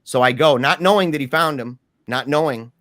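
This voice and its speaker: A man's voice: medium pitch, brisk, a bit bright, dry recording, clean studio sound. Earnest man telling a personal story. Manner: informal, slangy, says "bro" and "man"; earnest, emphatic retelling of a personal ordeal. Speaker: guest. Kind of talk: casual first-person storytelling in an interview.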